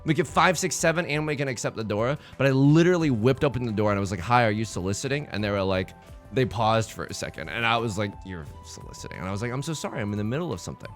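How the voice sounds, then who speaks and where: A young man giving casual, playful commentary while he plays an online game, with jokey asides and sudden excited jumps. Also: mid-range voice, rapid-fire, soft background music. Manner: drops to a stage whisper at times. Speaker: let's play streamer.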